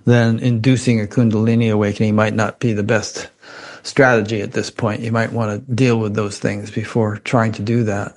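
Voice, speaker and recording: A man hosting an interview, speaking in a halting, careful way with lots of restarts and fillers. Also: fairly low pitch, little pitch movement, a little mellow. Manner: cautious and measured. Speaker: podcast host. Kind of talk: conversational interview.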